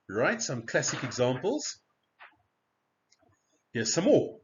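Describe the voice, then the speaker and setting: A male teacher talks slowly and deliberately, his pitch rising and falling a lot as he stresses each example word. The recording is dull and lo-fi. He sounds like he is walking a class through a spelling lesson. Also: big pitch swings.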